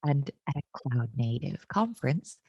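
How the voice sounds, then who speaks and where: A woman's voice: deep voice, sing-song, moderate pace, creaky, breathy edge, dry recording, lo-fi sound. A woman from the United States giving a conference keynote, full of wry, self-mocking humor.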